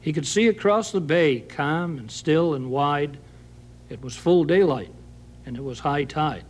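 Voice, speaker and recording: A man's voice: fairly high pitch, a little slow, darkish tone. A man from Maine with a Maine accent, reciting a humorous story poem in a dry, folksy way.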